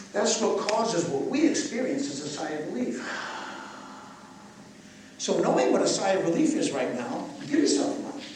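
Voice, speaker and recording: An older man leading a guided breathwork session for a live audience, asking gentle questions and slipping in playful jokes. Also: a little high, noisy background. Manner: gentle guiding questions, joking asides. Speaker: breathwork teacher. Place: large echoey event space. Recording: echoey, distant live event recording with ambience.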